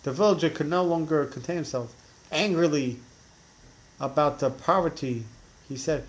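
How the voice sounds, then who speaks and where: A man's voice: on the high side, moderate pace, long pauses. A man teaching a religious class who tells stories animatedly, acting out the characters, with frequent restarts. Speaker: Torah teacher.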